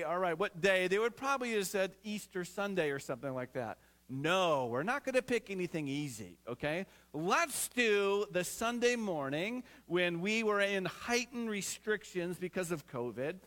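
A man's voice: high voice, animated, moderate pace, fairly bright tone. A man preaching a conversational sermon as pastor, often checking in with the congregation before building to earnest exhortation.

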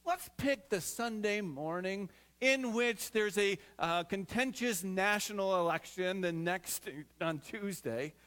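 Male pastor, high and bright in tone, chatty sermon delivery that builds to earnest appeals. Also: slow. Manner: conversational, checks in with the congregation; earnest, builds to emphatic exhortation.

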